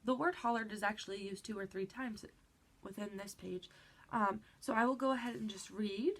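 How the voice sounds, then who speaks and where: At normal speed and medium pitch, a stuffy-nosed woman teacher patiently guides children through reading, encouraging them and frequently checking in with "all right."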